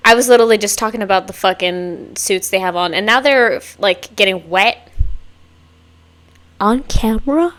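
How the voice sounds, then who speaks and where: A woman hosting a music video reaction, talking casually and excitedly, swearing freely, squealing and laughing often. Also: medium pitch, moderate pace, a little hiss or hum.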